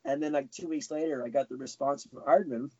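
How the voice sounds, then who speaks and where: A man's voice: medium pitch, steady tone, a little fast, darkish tone, breathy edge, dry recording. A man being interviewed, chatting casually with lots of restarts. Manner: rambling, self-correcting, chuckling. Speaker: guest animator. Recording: dull lo-fi sound.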